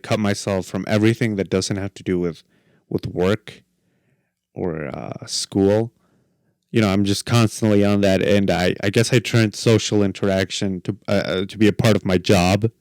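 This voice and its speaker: A man's voice: fairly low pitch, fairly even intonation, moderate pace, a little mellow, clean tone, no room sound, clean studio sound. A man in his twenties hosting a podcast solo, rambling casually with lots of fillers and jokes. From Mexico. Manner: rambling, filler-heavy, joking. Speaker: podcast host.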